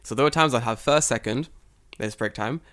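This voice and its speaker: A man's voice: medium pitch, moderate pace, a bit bright. Laughing, swearing podcast co-host man. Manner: laughs a lot, swears, acts out voices in anecdotes. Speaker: English teacher in Japan. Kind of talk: casual chat.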